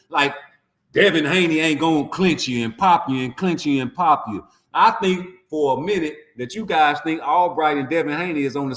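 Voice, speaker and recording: A man's voice: fairly high pitch, a bit bright, roomy sound. A man, delivering a profane, mocking, heated boxing rant. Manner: trash-talking, mocking, heated. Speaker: boxing commentator.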